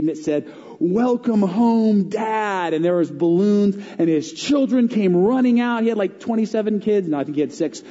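A man's voice: a little high, highs cut off. Man preaching in an echoey hall. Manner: storytelling, swings between lively and hushed. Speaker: pastor. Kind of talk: sermon.

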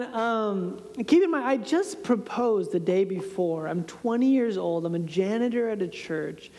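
A man's voice: high-pitched, darkish tone. A man in his thirties giving a storytelling sermon as a pastor, conversational and self-deprecating, often laughing at himself. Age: 30s. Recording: reverberant hall sound.

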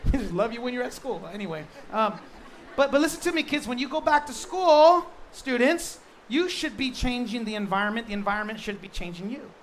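A male pastor preaching a sermon in a lively, joking way, stressing points with quick repeated restarts. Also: high-pitched, slight background noise.

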